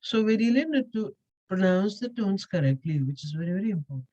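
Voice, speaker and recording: A woman's voice: mid-range voice, lively intonation, brisk, warm tone, dry recording, highs cut off. A woman, a Chinese language teacher explaining step by step with patient repetition and frequent hesitations. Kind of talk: explanatory lesson with Q&A.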